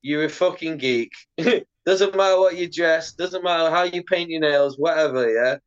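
A man talking as a guest on a casual podcast interview, animated, swearing a lot and filling his speech with "like". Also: a little high, moderate pace, clean tone, dull audio. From Britain. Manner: animated, heavy swearing, lots of "like" fillers. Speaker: podcast guest, pro skateboarder.

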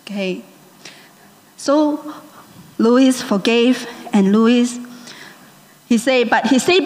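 A woman preaching a sermon, telling a story with animated delivery and often checking in with the congregation. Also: on the high side, takes it slowly, long pauses, big-room sound. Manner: animated, asks the congregation "okay?" and "amen?".

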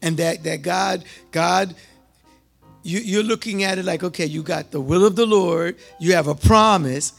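A man preaching a sermon, calling out to the congregation and repeating lines, moving from loud cries to hushed tones. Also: high voice, measured pace, vocal fry, faint music behind. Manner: call-and-response, repetitive, swings from loud to hushed.

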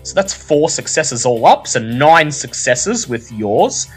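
A man narrating a horror tabletop game as game master, in unhurried, descriptive tones. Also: mid-range voice, big pitch swings, husky, faint music behind.

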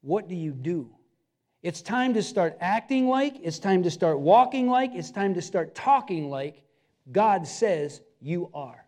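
Male pastor with a very high voice, preaching in an emphatic, repetitive style straight at the congregation. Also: sing-song, unhurried, darkish tone. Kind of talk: sermon.

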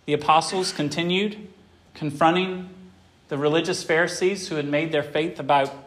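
Emphatic preacher, fairly high voice. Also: male voice, steady tone, moderate pace. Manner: emphatic preaching, swinging from loud to quiet. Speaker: pastor. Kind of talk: sermon.

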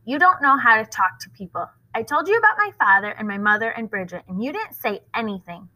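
A woman's voice: fairly high pitch, expressive, a little fast, pushed and bright, low-quality recording. A woman reading aloud, voicing a stubborn, outspoken young girl who talks in an insistent way. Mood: angry shouting.

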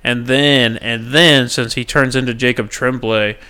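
A man hosts a loose, jokey podcast chat, riffing and swearing freely. His voice is smooth and clear at a middling pitch, and he often restarts mid-sentence as the jokes pile up. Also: steady tone, measured pace, bright, forceful tone. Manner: joking, loose, swears freely, trips over words. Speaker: podcast host. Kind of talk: casual comedic chat.

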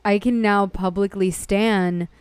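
A woman's voice: medium pitch, fairly even intonation, slow pace, darkish tone. A woman co-hosting a podcast in casual chat, sarcastic and jokey, laughing often. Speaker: podcast co-host.

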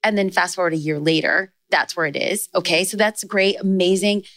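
Female guest, young adult, low-set voice, animated storyteller, dry close mic. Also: no echo. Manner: storytelling, fast bursts with excited rises in quoted lines. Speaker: podcast guest, author and speaker. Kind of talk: casual chat.

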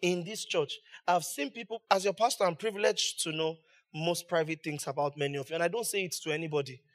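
A male pastor with a high-pitched voice delivers a sermon, pressing his points with rhetorical questions and rising emphasis. He speaks as the regular preacher of his congregation. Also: a little fast, a bit bright.

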